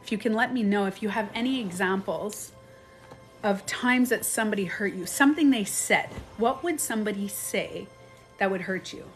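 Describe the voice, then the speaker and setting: A woman gives casual advice on a live stream from home, talking into her phone in a mid-range voice. She is chatty and animated, acts out quoted phrases, and laughs often. Faint music plays in the background. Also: medium pitch, moderate pace. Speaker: life and beauty coach.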